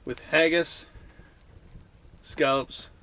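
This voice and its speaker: A man's voice: fairly high pitch, steady tone, extremely slow, bright, forceful tone. A middle-aged man chatting casually and joking while he cooks at camp. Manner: easygoing, jokey, chatty while cooking. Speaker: camping vlog host. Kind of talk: casual cooking vlog chat. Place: heated winter tent outdoors. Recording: noisy outdoor camp audio.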